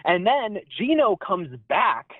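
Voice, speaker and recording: A high-voiced man calls in over a tinny phone line and tells his story. His voice swings up and down a lot as he goes. The sound is dry and close. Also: slow pace, a little hiss or hum. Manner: animated, high-pitched, jumps up when quoting himself. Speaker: phone-in caller.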